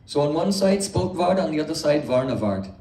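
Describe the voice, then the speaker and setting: With a high, mellow, sing-song voice, a spiritual teacher lectures a gathering on philosophy, slowly working through each point and putting rhetorical questions to the room. He is some distance from the mic, and the echoey room gives his words a roomy sound.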